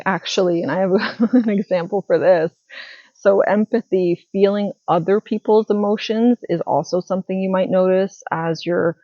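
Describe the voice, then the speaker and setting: A woman's voice: lowish voice, mellow, no room sound, lo-fi sound. A woman in her thirties talking casually to camera as a spiritual wellness creator, chatty and rambling with many fillers and restarts.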